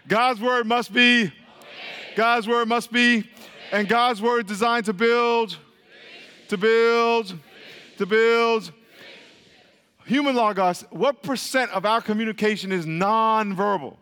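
A man with a high, pushed, bright yet smooth voice preaches slowly, with long pauses and fairly even intonation, in a hall with long reverb. His Bible teaching is call-and-response: he repeats questions, drills the congregation, and laughs often.

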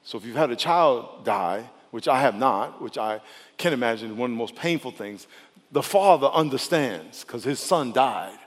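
A male pastor preaching a sermon in a conversational, emphatic way, sometimes dropping to a soft, intimate tone. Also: mid-range voice, lively intonation, moderate pace, big-room sound.

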